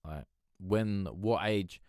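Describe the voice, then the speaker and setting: Deep man, droll Eeyore voice. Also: drawn-out words, darkish tone, no echo, clean studio sound. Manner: chatty, swearing, laughing, reading chat aloud. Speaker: livestream host. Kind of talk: casual live-stream chat.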